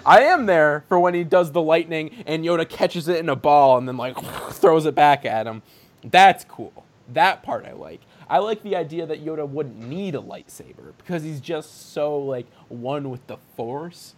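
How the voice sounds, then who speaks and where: A man co-hosting a podcast in casual chat, animated and laughing, slipping into impressions. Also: fairly high pitch. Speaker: podcast co-host.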